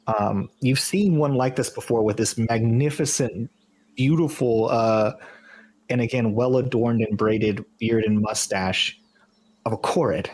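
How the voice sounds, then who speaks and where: A man's voice: mid-range voice, a little slow, a little mellow. A man narrating a tabletop fantasy game as game master, describing scenes with frequent hesitations.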